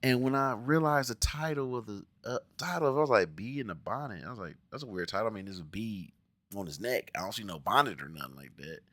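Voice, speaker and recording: Quick-paced and expressive, this Cincinnati-area man has a lowish, slightly bright voice with no echo. Reviewing a TV show in his casual vlog, he's blunt and profane, with an American accent and a habit of mocking voices.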